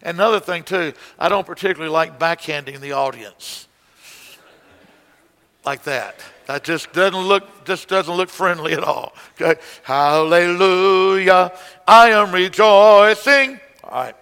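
A man's voice: on the high side, moderate pace, gravelly, sharp tone. A man teaching song leaders how to beat time, counting aloud and breaking into hymn lines to show the beats. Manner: explains conducting, breaks into hymn singing. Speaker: song leading instructor. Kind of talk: music lesson with singing. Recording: long hall reverb.

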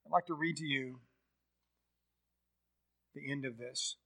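A man's voice: medium pitch, measured pace, vocal fry, bright, forceful tone. A man preaching a sermon, telling a story and acting out its dialogue. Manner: storytelling, acts out quoted dialogue.

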